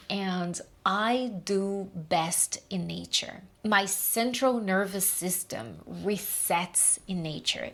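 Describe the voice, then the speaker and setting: A woman giving an earnest, heartfelt life update to her viewers. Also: mid-range voice. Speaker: vlogger. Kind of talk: reflective life-update narration.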